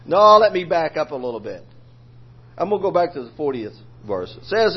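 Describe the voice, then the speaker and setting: A man's voice: sits high, big pitch swings, moderate pace, slightly rough. A male preacher telling a scripture story in a homespun, colloquial sermon. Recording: lo-fi recording.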